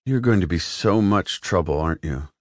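A man's voice: deep voice, animated, moderate pace, dry recording, studio quality. A man voicing a tough, guarded young female soldier who speaks tersely, in an audiobook.

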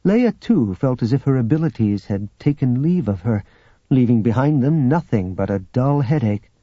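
A man reading scripted narration for an audiobook in a measured, steady way. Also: medium pitch, slightly rough, no echo. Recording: dull lo-fi audiobook recording.

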